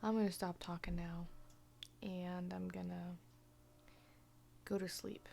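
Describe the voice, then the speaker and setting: A young woman vlogs about her life in a soft, gravelly, lowish voice with little pitch movement, often sinking to a half-whisper. She speaks slowly and unhurriedly, with many fillers and restarts, over a faint hum.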